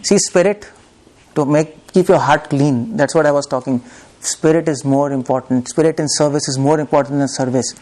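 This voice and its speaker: A man's voice: fairly high pitch, steady tone, normal speed, a little mellow. A man giving a devotional sermon, telling a story and acting out its voices with laughs between points. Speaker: preacher. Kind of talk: devotional discourse. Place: lecture hall.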